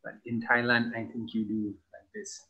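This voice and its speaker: A man teaching English to young pupils, spelling out words letter by letter and repeating each word clearly for practice. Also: lowish voice, flat delivery, moderate pace, bright, forceful tone. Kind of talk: slow, clear classroom instruction.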